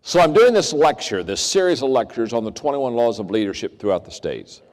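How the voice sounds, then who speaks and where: An older man giving a leadership talk, telling stories and acting out the people in them with big swings in voice. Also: fairly quick. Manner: animated, acts out quoted voices with big pitch swings. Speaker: leadership speaker. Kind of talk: storytelling keynote talk. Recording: long reverb of a large hall.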